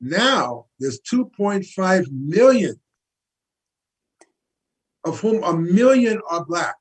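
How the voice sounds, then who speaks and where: Husky older man, fiery and emphatic. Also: sits high, big pitch swings, slow pace, rough recording. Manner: emphatic, repeats numbers for effect, preacherly. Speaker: guest activist. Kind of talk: impassioned interview talk.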